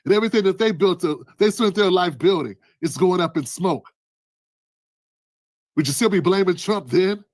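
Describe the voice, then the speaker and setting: A man hosting a news commentary show, talking in a heated, preachy way and rising to shouts. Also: sits high, animated, normal speed, no echo, studio quality.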